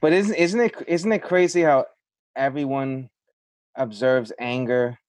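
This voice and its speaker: A man's voice: mid-range voice, measured pace, darkish tone, no room sound. A man from the South Bronx, speaking reflectively in a casual podcast chat with many fillers. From South Bronx, New York.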